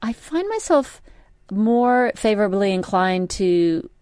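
A middle-aged woman chats on a radio show and tells her story in loose, rambling bits with lots of restarts. Her voice is dry and close, with no room echo, and her pitch sits in the middle. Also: animated, slow pace, a little mellow, clear, resonant tone. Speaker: radio co-host. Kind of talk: casual chat. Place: radio studio.

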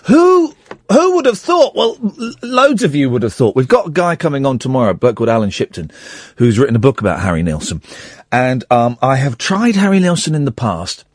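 A man's voice: mid-range voice, big pitch swings, quick pace, slightly rough, no room sound. A man hosting a phone-in radio show from a studio, chatting in a rambling way and breaking off his own points. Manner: rambling, chatty, self-interrupting. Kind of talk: late-night phone-in radio chat. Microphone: studio microphone.

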